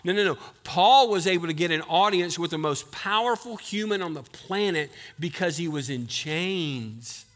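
A pastor preaching with a high voice. He pushes his points hard and calls on the congregation to answer aloud. His tone is bright and clear. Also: expressive, normal speed, hardly any pauses, big-room sound. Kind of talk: sermon.

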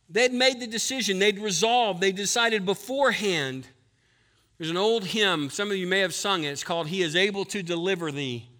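Guy preaching in a church, high bright voice, gets loud and fired up then drops down low. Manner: impassioned preaching, rising loud on key lines, dropping low to explain. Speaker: pastor. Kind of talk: sermon. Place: church sanctuary.

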